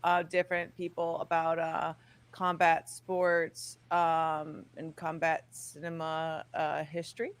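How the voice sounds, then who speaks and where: A woman's voice: sits low, monotone, slow, dry recording. A woman in her thirties chatting as an interview guest, rambling and leaning on fillers like "like". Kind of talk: casual interview chat.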